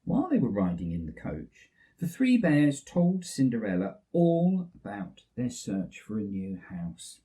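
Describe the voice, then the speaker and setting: English guy telling a kids story, slow, bouncy pitch, slightly distant. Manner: lively, expressive, unhurried. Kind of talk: children's story reading.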